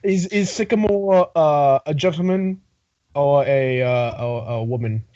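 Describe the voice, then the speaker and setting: A woman's voice: deep voice, measured pace, dry recording, muffled recording. A woman playing a tabletop game on a stream, chatting casually and laughing often. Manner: giggly, excitable, laughs often.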